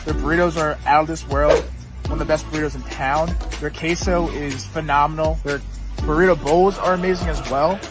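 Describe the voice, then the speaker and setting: An upbeat man reads a salesy ad spot in a slightly high voice. Music plays clearly behind him. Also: steady tone, a little fast. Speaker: ad reader. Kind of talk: read ad spot.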